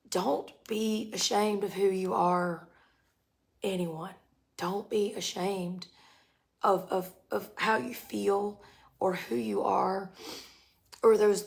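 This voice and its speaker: A woman's voice: mid-range voice, gravelly. A woman in her forties voicing God as a laid-back, encouraging buddy who talks in casual slang.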